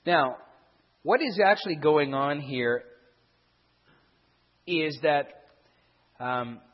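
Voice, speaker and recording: A man's voice: fairly high pitch, expressive, extremely slow. A man explaining a Bible passage verse by verse, with restarts and emphatic stresses. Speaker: Bible teacher. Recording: dull sound with a long hall echo.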